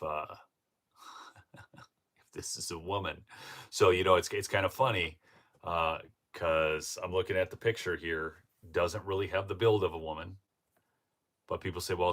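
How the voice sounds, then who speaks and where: A man's voice: low-pitched, fairly bright tone. Rambling, chatty man hosting a livestream. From northern Minnesota. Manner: rambling, chatty, full of fillers and restarts; breaks into laughter while telling stories. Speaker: show host. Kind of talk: casual commentary livestream.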